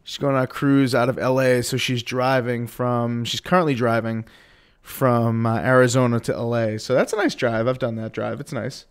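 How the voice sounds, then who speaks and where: Smooth-voiced man hosting a podcast. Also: medium pitch, normal speed. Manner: rambling, loose delivery with many fillers. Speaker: podcast host. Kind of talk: casual podcast chat.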